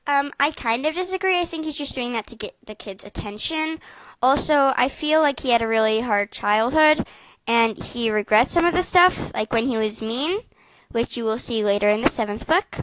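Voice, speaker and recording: A woman with a fairly high voice chats on a casual podcast, pausing on fillers as she rates things one by one. The sound is dry and close, with no room echo. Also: animated, fairly bright tone. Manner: chatty, hesitant fillers, rating things aloud. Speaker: podcast co-host.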